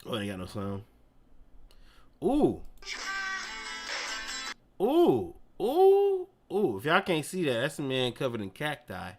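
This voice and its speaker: Male streamer, casual and slangy, lively and fairly high-pitched. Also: slow, pauses often, soft background music. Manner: animated, slangy, laughs often. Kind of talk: casual live-stream reaction chat.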